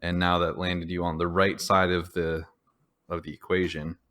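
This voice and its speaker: A man's voice: deep voice, level tone, moderate pace, fairly bright tone. A man hosting a podcast, steering the discussion with wry follow-up questions. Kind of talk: casual discussion.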